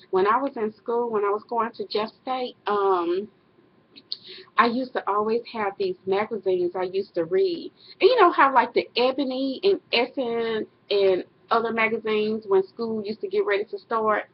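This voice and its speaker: Middle-aged woman, husky voice, casual rambling vlog monologue, dull webcam audio. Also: medium pitch. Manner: rambling, self-correcting, laughs often. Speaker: vlogger.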